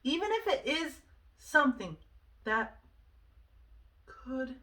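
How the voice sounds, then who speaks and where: A woman speaks in an earnest, conversational way, sharing personal advice and checking in with asides. Her voice is bright and forceful, and it sits a little back from the mic. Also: high voice, big pitch swings, slow, far from the mic. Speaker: vlogger sharing self-help advice. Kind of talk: casual personal advice talk.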